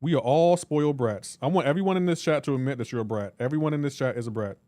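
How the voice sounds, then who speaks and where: A man's voice: medium pitch, fast talker, warm tone, no echo, studio quality. A man on a live reaction stream, teasing and bantering with his chat and laughing often. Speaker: livestreamer.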